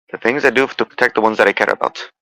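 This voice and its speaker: Tabletop player guy, bright punchy voice, dry sound, announces what his character does. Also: medium pitch, no echo. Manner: declares actions aloud, sighing and exasperated. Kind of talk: playing a tabletop game, partly in character.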